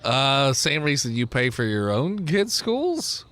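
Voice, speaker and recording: A blunt, weary local leader, as a game master puts him on, speaking low and flat. His voice drops well below the usual with a dry, unbothered delivery. It is bright in tone, with plenty of swing when he bothers to push a point. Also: slow.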